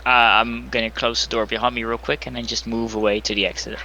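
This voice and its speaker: Bright-voiced, wry male player. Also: medium pitch, level tone, fast talker, creaky, slight background noise, rough recording. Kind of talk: casual tabletop play over voice chat.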